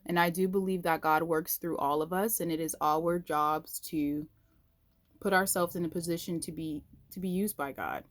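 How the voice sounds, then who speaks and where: A woman with a fairly low voice tells a personal faith story straight to her viewers. She is chatty and casual, and her pitch leaps up sharply whenever she acts out what someone said. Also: moderate pace. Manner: animated, acts out quoted voices with big pitch jumps; talks to viewers directly, uses "y'all". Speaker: vlogger sharing a faith story.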